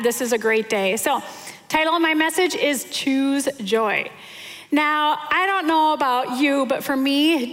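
Woman, 40s, sermon speaker; high-pitched, chatty, self-mocking; long church-hall reverb. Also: fairly bright tone. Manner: chatty, self-deprecating storytelling with many fillers. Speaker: pastor's wife preaching.

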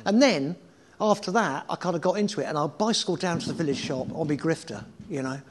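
A middle-aged man spins loose, rambling stories in a relaxed interview. His voice sits a little higher than most men's, and he peppers the telling with swearing and bursts of laughter. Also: fast, noisy background. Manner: animated, swearing, laughing anecdotes. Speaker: guest. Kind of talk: casual storytelling interview.

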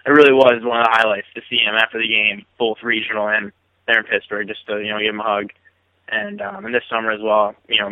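A young man in his twenties, a college hockey player, chatting haltingly in an interview. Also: on the low side, no room sound, dull audio. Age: 20s. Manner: halting, full of "you know" fillers. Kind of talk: casual interview chat.

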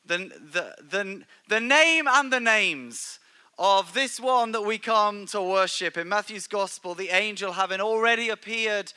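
Bright, animated male pastor preaching. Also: high voice, clear, resonant tone. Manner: animated, joking asides with stammered restarts. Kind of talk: sermon. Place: church.

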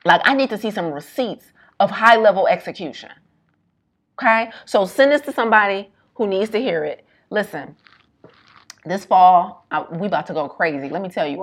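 A woman health coach giving an emphatic, colloquial motivational talk, repeating her points in quick bursts. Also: on the low side.

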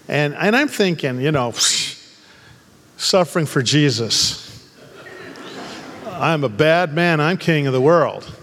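Fervent pastor in a reverberant hall. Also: male voice, on the high side, lively intonation, takes it slowly, long pauses, fairly bright tone. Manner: humorous storytelling turning to fervent, angry exhortation. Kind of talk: sermon.

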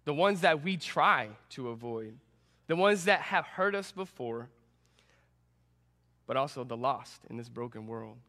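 A young adult man, a student pastor, preaching a sermon and telling a personal story with animated, self-deprecating humor. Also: medium pitch, unhurried, long pauses. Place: church sanctuary. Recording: long reverb in a church hall.

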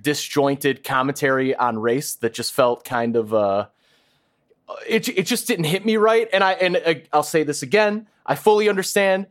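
A man co-hosting a podcast, talking casually in halting starts and restarts, his pitch jumping when he is unsure. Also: fairly bright tone. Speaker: podcast co-host. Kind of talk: casual chat.

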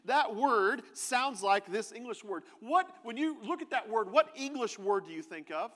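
Speaking in a high, fairly bright voice, a pastor delivers a conversational sermon in a church sanctuary, posing questions to his congregation as he teaches. A long hall reverb trails his words.

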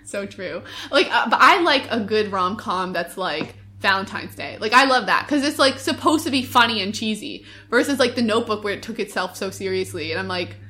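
A woman's voice: medium pitch, expressive, a little fast, hardly any pauses, bright, forceful tone. A young woman chatting casually as a podcast co-host. She gushes enthusiastically and uses many fillers. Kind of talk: casual chat.

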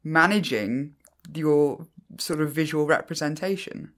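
A man's voice: fairly high pitch, measured pace, a bit bright. A man from England chatting casually as a podcast co-host, thoughtful and hesitant, laughing easily. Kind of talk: casual chat.

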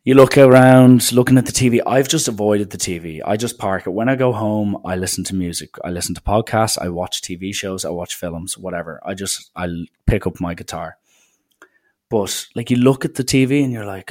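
A man's voice: fairly low pitch, a little fast, a little mellow. A young man, rambling sardonically through a casual solo podcast. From Ireland. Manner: sardonic, rambling, mock-serious. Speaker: podcast host.

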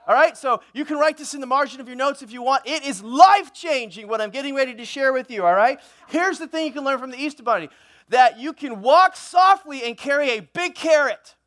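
A man's voice: extremely high pitch, brisk. A man preaching a sermon in a church, cracking jokes and telling a comic story with playful asides. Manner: joking, animated, playful asides. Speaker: pastor. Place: church sanctuary.

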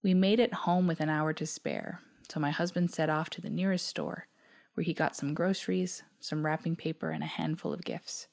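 A woman from Newfoundland reading her own personal reflection aloud in a soft, measured, reflective way that at times sinks close to a whisper. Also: low-pitched, steady tone, gravelly.

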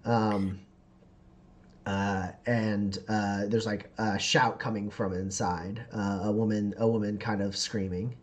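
Rambling game master, full of fillers. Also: male voice, lowish voice, little pitch movement, takes it slowly. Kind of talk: narrating a tabletop game.

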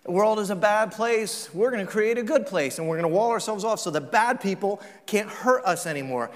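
A man preaching a sermon as a pastor, in a conversational, joking way with quick acted-out asides. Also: sits high, lively intonation. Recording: long hall reverb.

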